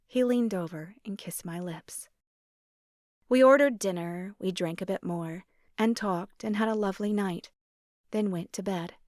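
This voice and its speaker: A woman narrating a romance audiobook in a measured, expressive reading voice. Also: medium pitch, no room sound, clean studio sound.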